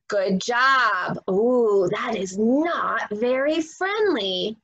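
A woman teacher reading a story aloud to young children, animated and expressive. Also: fairly high pitch, takes it slowly, few pauses, low-quality recording. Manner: animated, expressive, gasping for effect.

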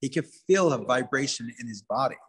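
A man's voice: mid-range voice, animated, a little fast, fairly bright tone, husky, in a large hall. A man telling a traditional folktale with rhythmic, repetitive phrasing. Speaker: storyteller, museum director.

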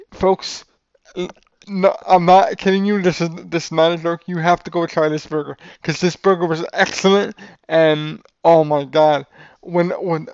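A man's voice: sits high, creaky, no room sound. An enthusiastic man reviewing food in a casual vlog, rambling with restarts and calling his viewers "folks". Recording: dull lo-fi sound.

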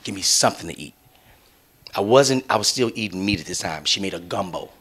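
A young man tells a wild story on a podcast. His pitch swings up and down as he acts out each person's lines, and his tone is bright and forceful. He curses freely and laughs as he talks. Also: animated, fairly quick, slightly rough. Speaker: podcast host. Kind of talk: casual storytelling chat.

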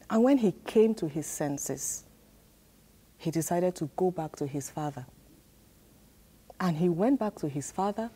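A woman teaches a children's church sermon in a warm, mid-range voice. She repeats key lines emphatically and uses call-and-response, prompting the children to answer and repeat after her.

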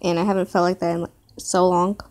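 A woman talking to her viewers in a reaction video, tearful and giggly, speaking haltingly as she tries to hold back crying. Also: on the low side, flat delivery, darkish tone. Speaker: youtuber.

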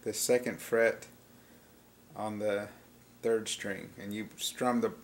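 A man's voice: lowish voice, flat delivery, takes it slowly. A man giving a casual step-by-step guitar lesson, explaining chord shapes plainly and easygoingly. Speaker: guitar teacher. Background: acoustic guitar being played.

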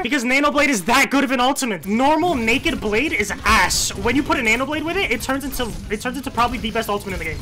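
A young man streaming a competitive shooter, swearing, yelling quick callouts to teammates and reacting loudly to each fight. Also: very high-pitched, animated, faint music behind. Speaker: gaming streamer. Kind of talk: live gameplay commentary and team voice chat.

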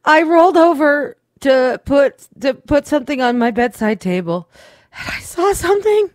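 A woman putting on the voice of her panicky partner, who is terrified of a dead mouse, breathless and squeaky. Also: expressive, normal speed, dry recording, clean studio sound. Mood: frantic. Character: panicky woman startled awake, scared of mice.

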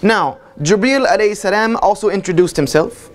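A man's voice: high voice, normal speed. A man with a Southern American accent giving a sermon-style lecture as a guest speaker at a mosque. He speaks with emphasis, building through repeated phrases and rhetorical questions.

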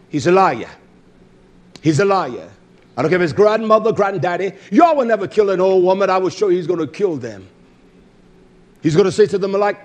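A middle-aged man preaching a sermon, impassioned, swinging from low murmurs to shouts. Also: expressive, fairly quick, pauses often.

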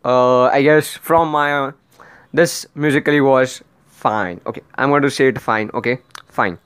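A man's voice: medium pitch, fairly even intonation, a little slow, a bit bright, clean tone, no echo. A man doing comedic roast commentary on video clips, sarcastic and rambling, often pleading in exasperation.

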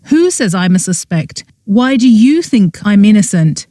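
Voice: mid-range voice, big pitch swings, measured pace, dark tone, dry recording, clean studio sound, voice pushed up. An audiobook narrator voicing a grieving young man who talks bitterly and in shock about a lost girlfriend. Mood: stunned. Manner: upset, bitter. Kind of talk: audiobook character voice.

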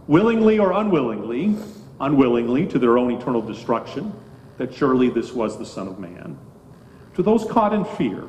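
A man's voice: mid-range voice, a little mellow, slight background noise. Solemn man in an echoing church. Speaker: pastor. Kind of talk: scripture reading and short sermon. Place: church sanctuary. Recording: echoey church with long reverb.

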